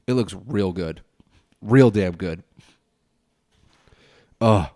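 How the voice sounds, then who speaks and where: A man's voice: lowish voice, drawn-out words, warm tone, no room sound, studio quality. A man hosting a casual solo podcast at home, ranting and swearing in a loose, tipsy way, his nose stuffed up. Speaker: podcast host.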